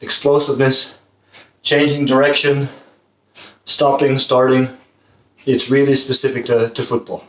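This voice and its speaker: A man's voice: medium pitch, monotone, measured pace, long pauses. A man coaching a football fitness workout, encouraging and demonstrating the exercises as he talks, out of breath at times. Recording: roomy, distant camera mic, faint noise.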